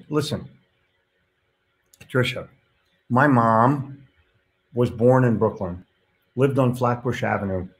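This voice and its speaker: A man's voice: mid-range voice, a little hiss or hum. A man hosting a casual live stream, reading viewer comments aloud and reacting to them in a blunt, chatty way with casual swearing.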